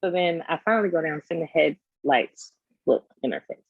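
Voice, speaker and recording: A woman guest in an interview, telling a personal story in a candid, animated way and acting out the scenes. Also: low voice, normal speed, vocal fry, husky, no room sound, narrow, tinny audio. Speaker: business owner guest.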